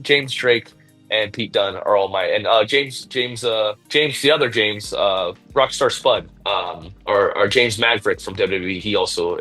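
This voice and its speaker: A man with a fairly low voice answers interview questions as a pro wrestler, worn out from a day of training. He rambles, laughs between thoughts and speaks with open feeling. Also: pushed and bright, rough recording. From Puerto Rico and United States. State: tired after training.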